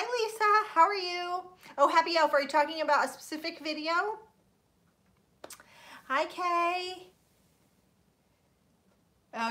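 A woman's voice: sits high, sharp tone. A woman from Florida chatting casually while hosting a live stream, greeting viewers by name, laughing often and apologizing when she mispronounces names. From Florida, USA. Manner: apologetic and self-deprecating about pronouncing names. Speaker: livestream host.

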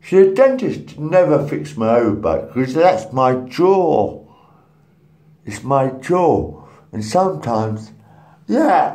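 Man, fifties, gravelly, rambling, swearing, muttering then loud. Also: medium pitch. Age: 50s. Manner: rambling, profane, swings between mutters and loud outbursts. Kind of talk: rambling solo monologue to camera.

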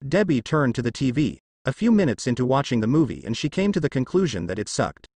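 A man narrates a fan fiction story in a casual, lightly wry manner. His pitch sits in a middle range but moves a lot. The sound is close and dry. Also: very animated, fast, darkish tone, husky, no echo.

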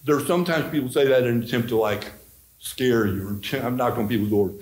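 A middle-aged man, a pastor teaching Bible study in a folksy, animated way, acting out quotes. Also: medium pitch, fast.

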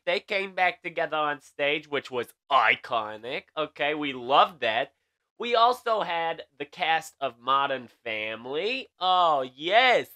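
A man's voice: a little high, sharp tone. A young man hosting a comedic late-night celebrity news monologue, sassy and campy, tagging his jokes with "okay?".

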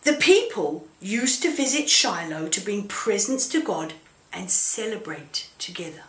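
A woman tells a children's Bible story, gently coaxing her puppet with questions. She speaks slowly at a medium pitch, her voice lively as it rises and falls. There's a roomy echo on the recording.

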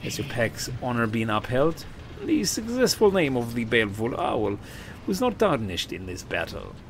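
A man voicing a proud, solemn male warrior of a wolf clan, reading game dialogue aloud in a rough put-on Scottish brogue. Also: mid-range voice, sing-song, moderate pace, slight background noise.

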